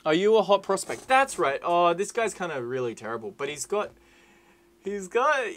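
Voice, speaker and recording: A young man giving casual, sweary commentary over his own gameplay, rowdy and excitable, slipping into loud whiny outbursts and then low mumbling asides. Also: normal speed. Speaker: gaming YouTuber. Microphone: desk mic with webcam.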